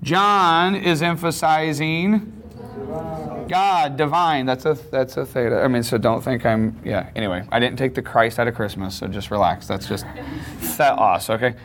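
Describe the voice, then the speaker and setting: A man's voice: mid-range voice, unhurried, a bit bright. A man teaching a class, lecturing in a conversational way and often checking in with questions.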